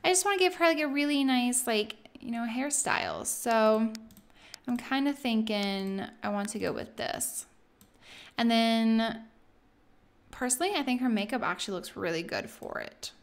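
A woman hosting a let's play, chatting excitedly through casual gameplay commentary with lots of "like". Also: on the high side, normal speed.

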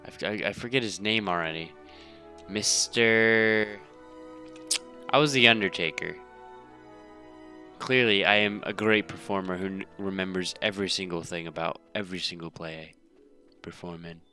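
A man's voice: low-pitched, steady tone, fairly quick, bright, forceful tone, soft background music. A young man giving casual let's-play commentary, rambling with joking asides. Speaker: gaming video host.

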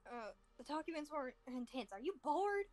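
A young woman co-hosting a game let's play, excitable and swearing, throat strained. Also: high voice, normal speed, no echo. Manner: excitable, swears, tries joke accents. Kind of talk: casual gaming chat.

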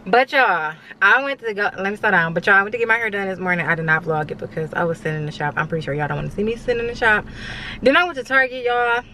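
This young vlogger is animated and quick, her medium-pitched voice bright and forceful as she chats casually with viewers she keeps calling "y'all." She films in her car and then at home on a handheld camera mic. There's a faint hiss or hum.

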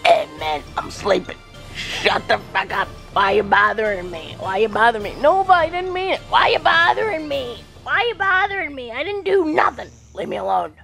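A woman's voice: a little high, expressive, normal speed, vocal fry, sharp tone, faint music behind, pitched above the performer's own voice, exaggerated voice. A woman voicing a grumpy, sleepy male dog who whines and complains about being bothered. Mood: irritated. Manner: whiny, complaining.

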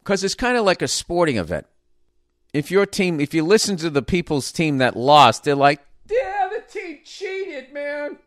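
A man's voice: a little high, very animated, normal speed, no room sound, studio quality. A man hosting a podcast, rambling through a casual comedic monologue with lots of swearing and sudden mocking voices. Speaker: podcast host.

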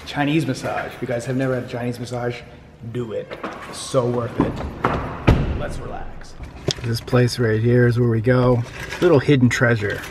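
A man's voice: medium pitch, background noise. A man talking casually to a handheld camera in a vlog, upbeat and chatty. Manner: chatty and upbeat, drops to a hushed whisper at night. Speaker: vlogger.

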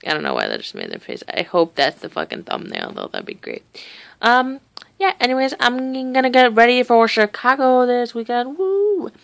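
A teenage girl lying on her bed indoors talks casually to her camera, with a gravelly, fry-laden edge to her voice. She rambles freely and swears offhandedly, in an easy chatty way. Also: on the high side, huge pitch swings, moderate pace, a bit bright, no room sound. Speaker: vlogger. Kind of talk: casual chat.

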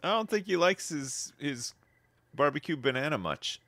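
A man giving casual, wry commentary while playing a life-sim game, laughing often and swinging between amused outbursts and low mutters. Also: lively intonation, moderate pace, fairly bright tone, dry recording.

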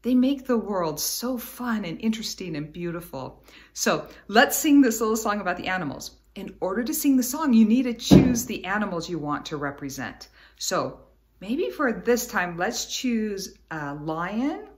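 A woman's voice: medium pitch, big pitch swings, normal speed. A woman giving a children's Bible lesson at home in her living room, cheerful and encouraging as she talks straight to the kids. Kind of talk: teaching young children, with singing.

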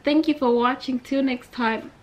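A woman's voice: high-pitched, moderate pace. Chatty young woman. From Zambia. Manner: animated, chatty, addresses viewers directly. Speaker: vlogger. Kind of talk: casual storytime vlog.

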